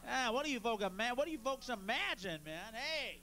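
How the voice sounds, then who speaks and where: A brash stand-up comic, a man whose gravelly voice sits high and breaks into sudden shouted rants. He talks to the crowd with profane, loose jokes. A faint hiss of noise hangs under the live club sound. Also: animated, a little fast. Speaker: stand-up comedian. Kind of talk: stand-up routine, crowd work.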